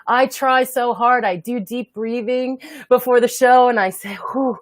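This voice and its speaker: A woman with a New York accent, a guest on a casual podcast chat, bubbly and quick to laugh. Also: a little high, fairly even intonation, dry recording.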